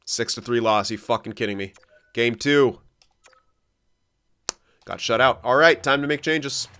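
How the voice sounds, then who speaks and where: A young man casually commentating his own hockey game, excitable, thinking aloud and swearing often. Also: mid-range voice, unhurried, clear, resonant tone. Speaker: gaming commentator.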